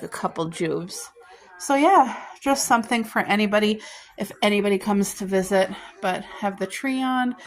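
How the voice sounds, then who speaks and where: A middle-aged woman from Canada chatting casually through a home vlog, homey and talkative, with little apologetic asides. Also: mid-range voice. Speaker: vlogger.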